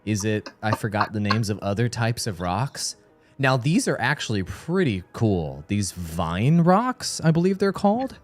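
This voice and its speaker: A man hosting a game showcase livestream, joking loudly and mock-excited in casual banter with a guest. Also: on the low side, normal speed, faint music behind. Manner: loud, goofy, mock-excited. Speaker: host.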